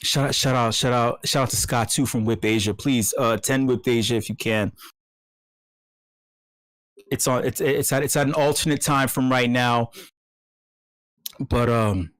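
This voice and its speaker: A man's voice: medium pitch, fairly even intonation, normal speed, pauses often, dry recording, rough recording. Foul-mouthed man ranting in mock ASMR. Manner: profane, swings from hushed to yelling; restless stammering repeats. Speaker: meetup host. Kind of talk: comic rant in mock ASMR.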